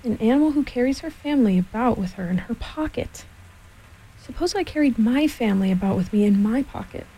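A woman voicing a fussy, bossy male rabbit who speaks slowly and carefully. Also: fairly high pitch, animated, dark tone, slightly rough, poor audio. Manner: slow, careful, self-important.

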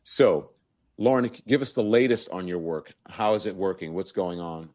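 A man's voice: sits low, moderate pace, darkish tone, dry recording. A man hosting a news talk interview, speaking in a loose, conversational way. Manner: conversational, loose, restarts sentences. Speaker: host.

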